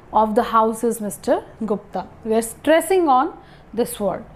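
A woman teaching grammar and asking the class questions, then answering them herself. She talks haltingly, with restarts and fillers. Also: a little high, expressive. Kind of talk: classroom lesson.

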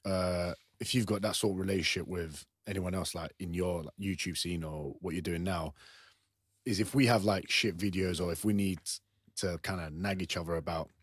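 Give me a very deep, husky man on a podcast. He bants in a laid-back way and uses a lot of slang. The sound is close and dry. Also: steady tone, normal speed, dry recording. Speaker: podcast co-guest. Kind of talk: casual podcast chat.

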